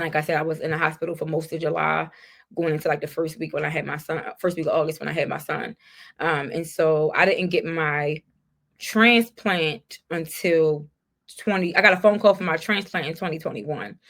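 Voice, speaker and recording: A woman guest on a podcast, sharing a personal story in a candid, heartfelt way. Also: deep voice.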